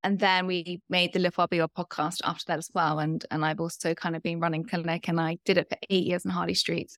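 Fast-talking British woman in her thirties. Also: fairly low pitch, level tone, no room sound, clean studio sound. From England. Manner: fast, lightly hesitant with fillers. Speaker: nutritionist guest. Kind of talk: interview answers. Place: home in London, evening.

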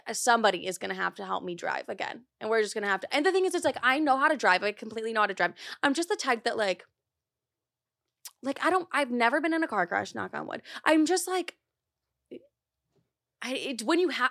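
Young woman rambling on a podcast. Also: on the high side. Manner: rambling, profane, animated storytelling. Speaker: podcast host. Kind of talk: casual chat. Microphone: podcast microphone.

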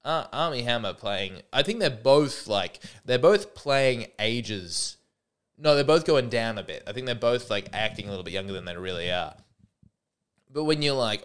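A man's voice: medium pitch, big pitch swings, normal speed, fairly bright tone. A man hosting a comedy podcast, speaking in a mock-earnest, rambling way with frequent restarts. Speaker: podcast host.

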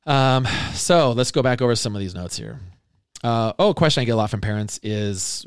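A man's voice: on the low side, a little fast, clean tone, no echo, clean studio sound. A middle-aged man hosting a parenting podcast, talking earnestly and casually with frequent restarts. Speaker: podcast host and parenting speaker.

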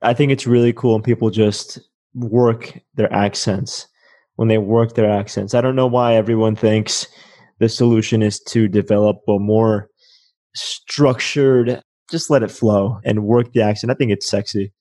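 A man's voice: lowish voice, steady tone, moderate pace, dark tone, no echo. A man whose first language is Spanish, hosting a casual interview in a chatty, enthusiastic way. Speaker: podcast host.

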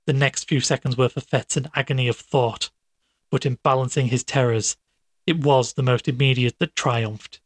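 A man reads a classic tale aloud at a measured, dramatic pace. His voice sits in the middle range with a husky edge, and the recording is close and dry. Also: mid-range voice, steady tone, no room sound. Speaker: narrator. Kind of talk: audiobook narration of a classic tale.

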